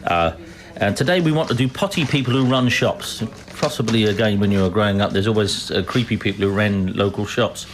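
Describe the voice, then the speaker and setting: A man's voice: on the low side, fairly quick, slight background noise. A man hosting breakfast radio, chatting and joking with callers and laughing easily. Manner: lively, jokey, laughing banter. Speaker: radio host.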